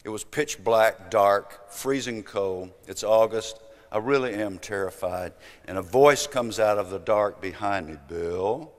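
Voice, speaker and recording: A man in his seventies with a Southern US accent, telling an emphatic motivational story that swings from loud to hushed. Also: lowish voice, a little slow. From American South. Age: 70s. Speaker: speaker. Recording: long hall reverb.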